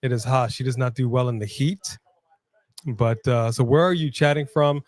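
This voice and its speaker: A man's voice: mid-range voice, steady tone, normal speed. A man co-hosting a casual live watch-along stream, upbeat, greeting viewers by name and hyping the chat. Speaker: livestream co-host. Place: Los Angeles.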